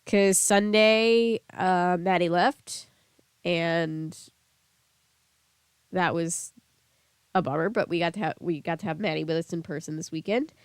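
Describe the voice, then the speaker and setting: A young female streamer, a little sick with a lingering cough, chats casually with her audience, laughing often and reading their messages aloud. Her lowish voice is smooth and unhurried, with frequent pauses. The audio has no echo.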